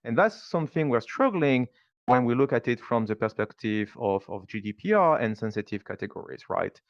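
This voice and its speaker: Gravelly French-accented man, halting. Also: medium pitch, expressive, dry recording, dull audio. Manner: thoughtful, halting, many fillers. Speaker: panelist. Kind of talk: panel discussion.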